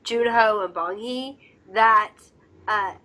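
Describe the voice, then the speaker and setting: A woman's voice: fairly high pitch, takes it slowly, bright, forceful tone. A young woman co-hosting a casual drama discussion, chatty and giggly, acting out scenes in quoted voices. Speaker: co-host of a drama discussion channel. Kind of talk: casual chat.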